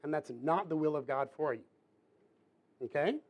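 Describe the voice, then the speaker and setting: A man preaching a sermon to a room, in a casual, chatty way with quick asides. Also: on the high side, expressive. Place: church hall with audience.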